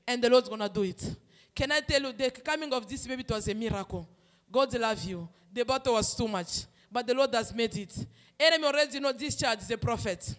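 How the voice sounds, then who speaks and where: A woman, a prophetess delivering personal prophecy in an impassioned, emphatic way that swings between loud declarations and soft asides. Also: fairly high pitch. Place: church hall. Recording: long reverb in a hall.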